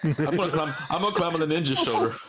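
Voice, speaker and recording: A man's voice: on the high side, animated, racing, fairly bright tone, slight background noise. A man playing a tabletop game, giggling and hesitating as he describes what his character does. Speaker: player. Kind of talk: casual tabletop game play.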